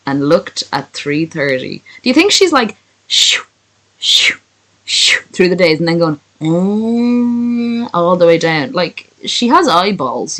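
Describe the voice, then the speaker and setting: A woman's voice: low voice, a bit bright, poor audio. A woman reading a story aloud for laughs, breaking off for crude, joking asides. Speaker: reader of a fan story. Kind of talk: comic reading aloud with commentary.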